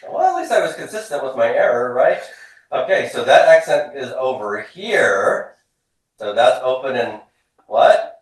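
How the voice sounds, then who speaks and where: A man leads a classroom drill in a cheerful, engaging way, often checking in with his students. His voice sits mid-pitched, caught from across a big echoing room. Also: very animated, a little slow. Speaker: Hebrew teacher. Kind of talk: classroom drill, call and response. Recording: echoey classroom from a distance.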